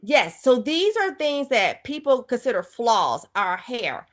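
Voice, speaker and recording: Emphatic Southern woman, higher voice. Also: a little slow. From Georgia, US Southern. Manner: emphatic, lively, motivational. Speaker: guest, author. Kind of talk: casual interview.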